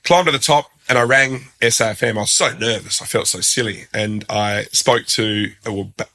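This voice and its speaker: An Australian man, appearing as a guest, tells a story casually and with animation, poking fun at himself and acting out the quoted lines. His voice sits on the low side and he talks at a normal speed.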